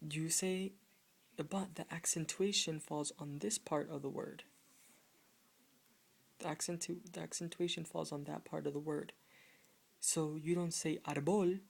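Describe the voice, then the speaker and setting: A woman teaching a video lesson on Spanish grammar rules, explaining patiently and haltingly, often restarting phrases and pointing at written words. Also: low voice, gravelly, slightly rough.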